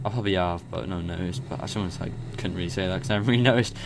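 A young man casually commenting on his own gameplay, rambling and excitable, swearing and laughing as he goes. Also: sits low, very fast, creaky, heavy background noise.

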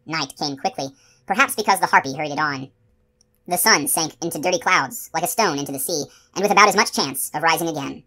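Woman, audiobook narrator, low voice, steady expressive reading. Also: a little fast. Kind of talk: scripted narration of a novel.

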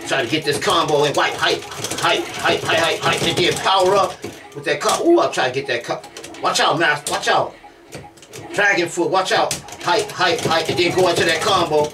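A man giving excited commentary over a fighting game he is playing. He often breaks into shouts and keeps asking his viewers whether they understand him. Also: fairly high pitch, moderate pace, background noise. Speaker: gameplay streamer. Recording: voice distant from the mic.

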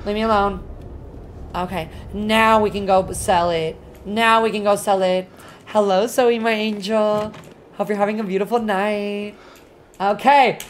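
A woman streaming a video game, talking to her chat in an expressive, dramatic way and swearing freely. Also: mid-range voice, unhurried, a little hiss or hum. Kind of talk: casual gaming livestream chat. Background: faint game music.

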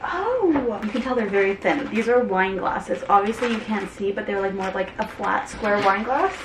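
A woman's voice: mid-range voice, steady tone, brisk. A young woman from Arizona chatting in a casual vlog while packing, talking with lots of fillers and venting her frustration. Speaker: vlogger. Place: apartment and home rooms, at times in a car. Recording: faint fan and room hum.

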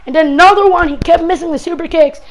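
A high-pitched woman calls a wrestling match in a game move by move. She is excitable and breaks into shouts whenever a big move lands. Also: fast talker, a little hiss or hum, low-quality recording. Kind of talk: play-by-play commentary.

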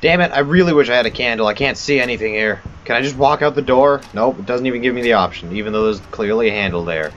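A man's voice: mid-range voice, fast talker, hardly any pauses, fairly bright tone, highs cut off, a little hiss or hum. A man giving rambling, self-mocking let's play commentary on a horror game. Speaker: gamer.

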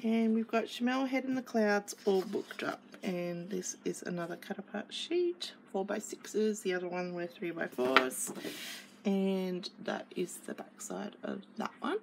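A woman's voice: mid-range voice, big pitch swings, a little slow, vocal fry, noisy background. A woman casually unboxing craft kits, chatty and gushing as she flips through papers and stickers. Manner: gushing and chatty, with many fillers. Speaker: craft kit reviewer.

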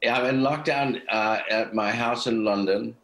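An American man in his fifties, chatting over a video call from his home studio, laid-back, self-mocking and quick to laugh. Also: mid-range voice, fairly bright tone. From United States. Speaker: guest actor. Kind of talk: casual chat.

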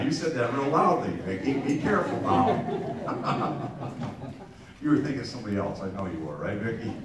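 A male pastor giving a conversational sermon to his congregation, often repeating words and restarting phrases and turning to listeners with asides. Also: mid-range voice. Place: church sanctuary. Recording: echoey church from a distance.

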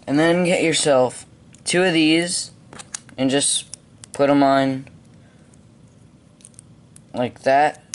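Slow, halting male tutorial voice. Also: fairly high pitch, clear, resonant tone. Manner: unhurried, halting instructions with frequent ums. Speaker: hobby video maker. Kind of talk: step-by-step building tutorial.

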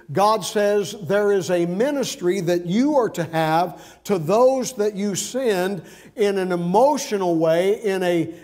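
A man's voice: high-pitched, darkish tone. A male pastor preaching an earnest sermon, explaining scripture step by step.

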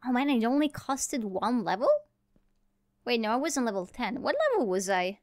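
A woman's voice: on the high side, expressive, moderate pace, no room sound, studio quality. A woman giving rambling, playful let's-play commentary as she plays alone, talking to herself and to the animals she meets. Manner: rambling, playful self-talk. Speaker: gamer playing solo.

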